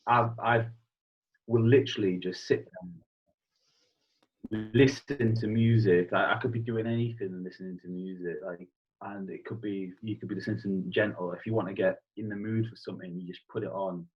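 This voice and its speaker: Young british man, husky voice, casual chat, chatty, dull lo-fi recording. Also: fairly low pitch, a little fast. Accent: British English. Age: young adult. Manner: chatty, swears casually, animated storytelling. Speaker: guest.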